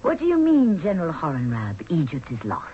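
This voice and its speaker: Radio drama: proud indignant queen, animated, faint hiss, dull vintage sound. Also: deep voice, a little fast. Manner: haughty, indignant. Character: proud idealistic Egyptian queen. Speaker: actress. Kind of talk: 1970s radio drama acting.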